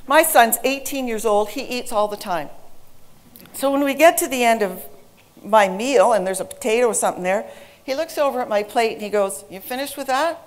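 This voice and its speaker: A woman in her forties, an English teacher, gives a presentation to an audience, telling stories in a lively, humorous way. Her voice is on the high side and her pace moderate.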